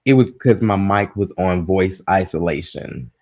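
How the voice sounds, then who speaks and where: A man's voice: low-pitched, a little slow, darkish tone. A man hosting a live gossip stream, chatting casually with his listeners, exasperated and swearing freely. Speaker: host of a live gossip show.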